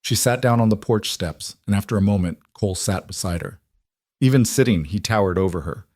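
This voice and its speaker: A man narrating a story in a steady, measured reading. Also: on the low side, dry recording, clean studio sound.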